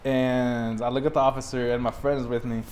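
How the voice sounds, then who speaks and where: A young man from Texas, a podcast host, telling a story in a casual, animated way and laughing often. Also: medium pitch, a little fast. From Texas, USA.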